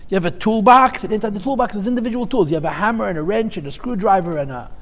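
A man's voice: high voice, fast talker, in a large hall. A male teacher giving a lesson on Chassidic texts. He explains step by step, repeats phrases and mixes in Hebrew and Yiddish terms.

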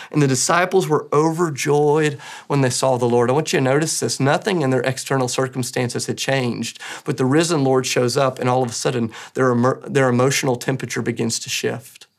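A man's voice: medium pitch, fairly quick. A man preaching an Easter sermon as pastor, earnest and emphatic, with rising bursts of emphasis.

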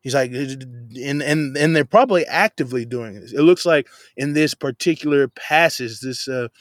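A man walks through a scripture passage in a relaxed, talky way, leaning hard on key words and tossing in slangy asides. His voice sits at an ordinary middle pitch. The sound is dry and close, with no room echo. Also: normal speed. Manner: conversational and emphatic, slangy asides. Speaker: Bible teacher. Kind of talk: casual verse-by-verse Bible teaching.

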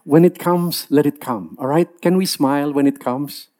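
A man's voice: fairly high pitch, moderate pace, a little mellow. A man preaching a sermon in a church. He talks earnestly and acts out the complaints of believers.

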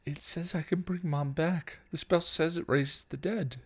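A man's voice: fairly high pitch, steady tone, measured pace, husky, pitched above the performer's own voice. A man reading a story aloud, voicing a tearful teenage girl who pleads and stammers. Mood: tearful pleading.

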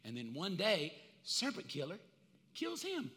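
Animated bright-voiced man preaching. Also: high voice, a little slow. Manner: animated, humorous, switching voices. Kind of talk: sermon with acted storytelling. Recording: long hall reverb.

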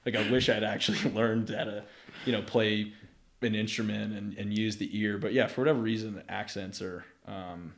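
A man in his thirties, a podcast guest telling stories in casual conversation, lively and laughing often. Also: on the low side, normal speed, gravelly.

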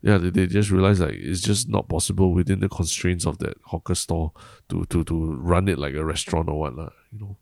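Podcast co-host: Singaporean man, deep gravelly voice, rambly and hesitant, dry close sound. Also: steady tone, a little fast, few pauses, darkish tone, dry recording. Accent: Singaporean English. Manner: rambling, hesitant, many restarts and fillers. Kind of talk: casual chat.

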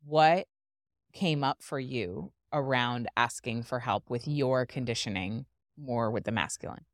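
A woman's voice: a bass voice, unhurried, no echo, studio quality. A woman hosting a podcast, asking her husband curious, probing questions in casual talk. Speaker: podcast host. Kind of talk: casual conversation.

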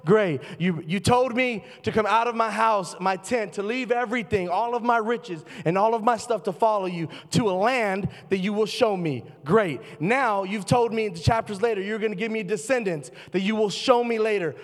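A man preaching a sermon as pastor, fervent and shifting between loud bursts and quiet, low asides. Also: moderate pace, hardly any pauses. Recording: long reverb of a large hall.

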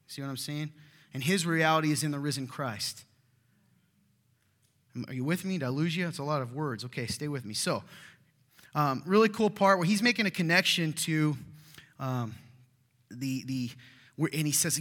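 A man's voice: medium pitch, normal speed, fairly bright tone. A man preaching a sermon as pastor, chatting and joking with the congregation, then reading Scripture with rising emphasis. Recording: reverberant hall.

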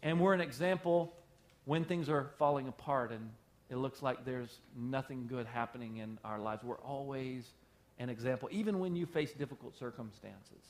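A man's voice: mid-range voice, moderate pace. A man who is a pastor, preaching an emphatic sermon to his congregation with heavy repetition and call-and-response.

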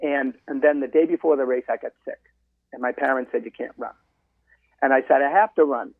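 Older man, around 70, from Massachusetts, storytelling interview guest, husky, thin phone-line sound. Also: mid-range voice, fast, dry recording. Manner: animated storyteller who quotes people in dialogue. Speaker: guest, marathon runner.

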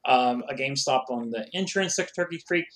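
A man co-hosts a casual podcast recorded remotely, telling meandering stories loaded with filler words. He speaks fairly quickly at a medium pitch, with a fairly bright tone.

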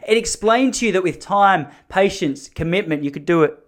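A man's voice: high voice, animated, normal speed. An Australian man from Melbourne giving a rambling, self-mocking comedic monologue, blunt and sprinkled with swearing.

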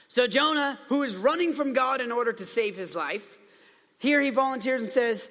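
A high-voiced man preaches a casual, storytelling sermon in a chatty way, full of playful asides. His voice is bright and sharp. It rings with a long reverb, as in a large hall. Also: normal speed.

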